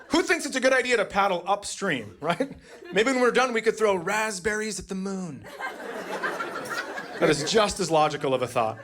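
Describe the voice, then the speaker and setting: A man's voice: sits high, lively intonation, moderate pace, noisy background. A middle-aged man doing a stand-up comedy set, telling dry stories that break into exasperated outbursts.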